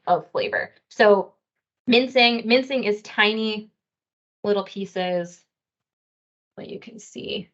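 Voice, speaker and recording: A woman's voice: medium pitch, lo-fi sound. Woman explaining a cooking demo. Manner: friendly step-by-step explaining with fillers. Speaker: dietitian teaching a cooking class. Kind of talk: casual cooking demonstration.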